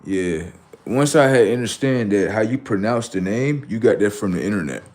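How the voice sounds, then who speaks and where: A man's voice: fairly low pitch, lively intonation, moderate pace, darkish tone. A man hosting a livestream, talking in heated banter with a mocking, argumentative, slang-heavy manner and heavy swearing. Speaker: livestream host.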